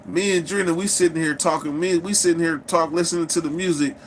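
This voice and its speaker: A man's voice: a little high, quick pace, slight background noise. A man casually telling a story, swearing freely and acting out the people in it. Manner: profane, animated, acts out quoted people.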